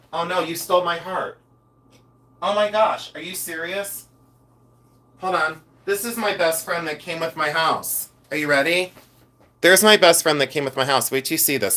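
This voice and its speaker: A man vlogging in a chatty, campy way, with animated asides. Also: on the high side. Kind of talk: casual chat.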